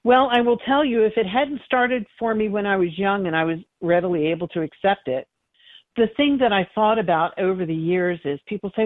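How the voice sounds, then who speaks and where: Middle-aged woman medium telling stories, lively, does all the voices in them, sounds like a phone call, dry. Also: mid-range voice, moderate pace, dry recording. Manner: animated, acts out dialogue in her stories. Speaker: psychic medium guest. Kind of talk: conversational interview storytelling. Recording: dry tinny phone-like line.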